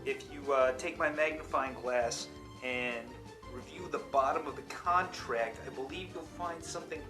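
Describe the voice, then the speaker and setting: A man plays a relaxed college student in his early twenties, halting with fillers but smugly sure of the fine print. His pitch sits in the middle, and music plays clearly behind him. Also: lightly acted. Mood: laid-back. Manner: casual, halting, smugly legalistic. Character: laid-back 22-year-old male college student. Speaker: game show contestant.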